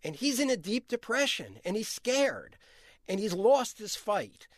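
A man's voice: high voice, wildly swooping pitch, unhurried, no room sound, clean studio sound. A man, an author answering interview questions, telling history earnestly with frequent restarts.

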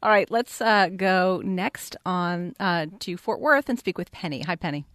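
A woman hosting a radio call-in show, brisk and friendly as she moves through callers. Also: on the low side, animated, a bit bright, no echo, clean studio sound. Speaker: radio host.

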